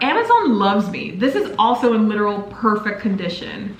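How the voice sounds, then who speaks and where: Excitable girl vlogging a book haul, over the top, roomy sound w faint hum. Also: mid-range voice, normal speed, few pauses. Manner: gushing, exclaiming, dramatic. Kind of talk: excited unboxing vlog. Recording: echoey room, faint ambience.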